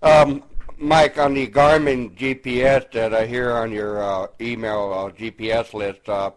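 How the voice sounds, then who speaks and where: A man calling in with a question, halting and searching for words. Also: medium pitch, fairly even intonation, poor audio. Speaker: caller asking a question.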